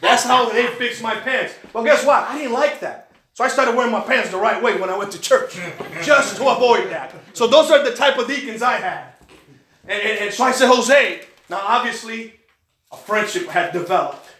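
Male preacher, high and bright, lively storytelling sermon, roomy echo. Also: normal speed. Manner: animated storytelling, acts out quoted voices. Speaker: pastor. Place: church.

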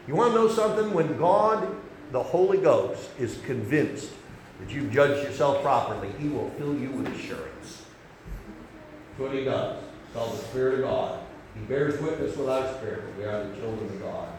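A man preaching a sermon, folksy and conversational, swinging between loud emphasis and soft asides. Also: mid-range voice, lively intonation, normal speed, reverberant, background noise.

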